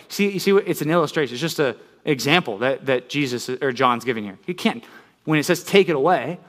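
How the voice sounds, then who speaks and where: A man's voice: fairly high pitch, fairly bright tone. A man preaching a sermon in a conversational way, often checking in with listeners with "right?" and building up intensity as he tells stories. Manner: storytelling with rising intensity. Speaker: pastor.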